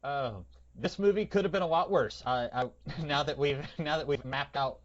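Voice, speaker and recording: A man co-hosting a podcast, talking about films in a loose, chatty way with halting fillers. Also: fairly high pitch. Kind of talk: casual film discussion. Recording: dull lo-fi podcast audio.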